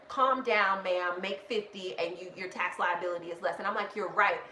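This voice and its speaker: A woman hosting a live budgeting stream, talking in a casual, animated rant and often restarting with "like.". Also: fairly high pitch. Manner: animated, self-interrupting, heavy use of "like". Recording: echoey room with faint background noise.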